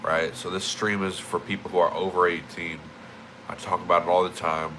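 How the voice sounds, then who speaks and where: A man's voice: deep voice, level tone, moderate pace, background noise. A young man livestreaming, just woken up, rambling and swearing with emphatic repeated words. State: just woke up. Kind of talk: casual streaming rant.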